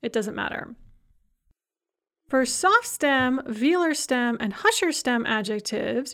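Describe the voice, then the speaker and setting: A woman teaching a grammar lesson, explaining clearly in English and reading out careful Russian examples. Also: a little high, a bit bright. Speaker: language teacher.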